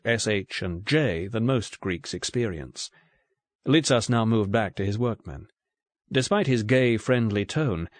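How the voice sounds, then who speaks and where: A man reading an audiobook novel in steady scripted narration. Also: mid-range voice, no echo.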